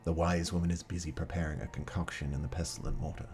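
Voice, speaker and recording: Deep gravelly-voiced male game master. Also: little pitch movement, quick pace, a little mellow, faint music behind. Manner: chatty, reads game text aloud, talks to chat. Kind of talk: casual solo tabletop play narration.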